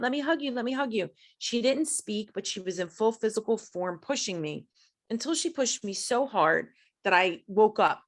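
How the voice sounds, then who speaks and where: Telling a personal story as a podcast guest, this middle-aged woman talks fast and sounds high-strung. Her animated storytelling leaps in pitch whenever she acts out quotes, including her own words.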